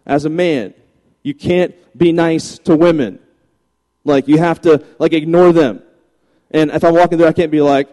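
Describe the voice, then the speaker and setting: A man in his forties from Virginia, a pastor telling funny stories in a chatty, animated sermon. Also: fairly high pitch, moderate pace. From Virginia, USA. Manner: chatty, joking, animated anecdotes. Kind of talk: humorous sermon storytelling. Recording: long reverb of a large hall.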